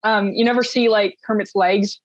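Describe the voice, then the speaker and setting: A woman's voice: medium pitch, steady tone, normal speed, no room sound. Chatty woman on a dull, dry mic. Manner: chatty, fillers of "like". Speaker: podcast guest. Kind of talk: casual podcast chat.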